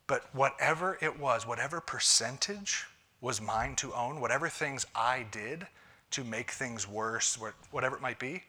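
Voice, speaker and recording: Male pastor, conversational sermon delivery, bright forceful tone, drops to hushed asides. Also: medium pitch, normal speed. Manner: conversational, shifting between punchy lines and hushed asides. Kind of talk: sermon on marriage.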